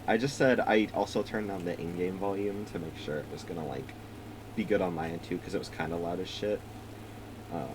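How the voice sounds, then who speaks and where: Over a noisy background, a low-voiced young man gives casual gameplay commentary as a let's play streamer. He rambles through the start of a new video game, swearing and laughing often.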